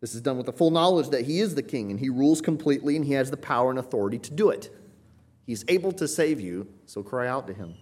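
A man's voice: medium pitch, animated, fast talker, darkish tone. A man preaching an expository sermon in a conversational teaching manner, rising to emphatic cries when he voices the pleas he quotes. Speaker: pastor.

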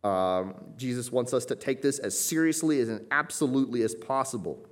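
A male pastor delivering a sermon in a church, talking with his congregation in a conversational style. He leans hard on key words for emphasis and keeps checking in with quick rhetorical asides. His voice sits at an ordinary, mid-range pitch.

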